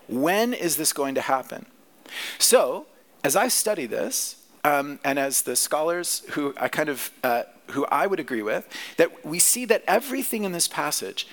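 A man's voice: fairly high pitch, a bit bright. A man preaching a sermon, teaching through a scripture passage in a conversational way and often asking the listeners questions. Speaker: pastor.

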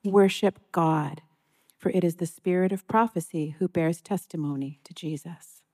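A woman reading a scripture passage aloud in a church service, measured and solemn, slowing on key lines. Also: lowish voice, darkish tone. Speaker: scripture reader.

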